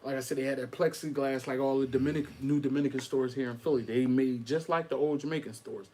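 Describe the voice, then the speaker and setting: A middle-aged man, hosting a podcast and telling a story in animated street slang. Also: mid-range voice, quick pace. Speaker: podcast host. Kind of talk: casual storytelling.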